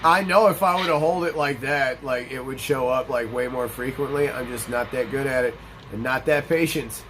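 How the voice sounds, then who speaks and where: A man's voice: medium pitch, normal speed, background noise. A young man hosting a let's play, rambling through casual, profane gameplay commentary and stories.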